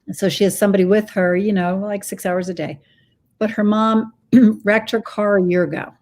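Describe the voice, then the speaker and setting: A woman's voice: mid-range voice, steady tone, normal speed, a little mellow. A woman hosting a casual interview, chatty and enthusiastic, telling stories from her own life. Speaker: host.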